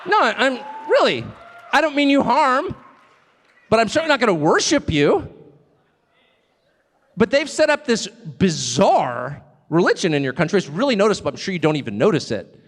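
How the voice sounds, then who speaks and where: A man's voice: sits high, moderate pace. Sardonic man speaking in a hall. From United States. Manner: animated and sardonic, with mocking asides and chuckles. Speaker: guest speaker. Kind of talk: live public speech to an audience. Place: large hall with a live audience. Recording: long hall reverb with crowd.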